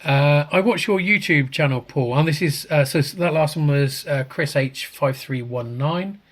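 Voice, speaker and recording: A man co-hosting a podcast on a video call, reading out viewer comments in a relaxed chat, chuckling often and restarting his sentences. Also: on the high side, normal speed. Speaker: podcast co-host.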